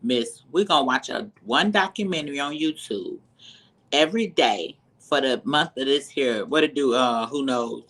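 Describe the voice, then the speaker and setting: A commentator ranting about a reality show, heated and sarcastic, dropping from low mutters to sudden high exclaims. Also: lively intonation, moderate pace, fairly bright tone. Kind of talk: profane commentary rant.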